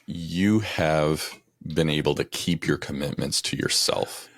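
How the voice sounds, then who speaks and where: A man hosting a podcast, relaxed, putting brief remarks and questions to his guest. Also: extremely low pitch, takes it slowly, no room sound. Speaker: podcast host. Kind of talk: casual interview.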